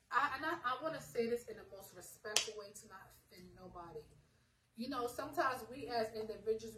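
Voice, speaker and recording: A young adult woman telling her own story in a casual, animated way, full of fillers and acted-out dialogue. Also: on the high side. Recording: roomy echo, faint ambience.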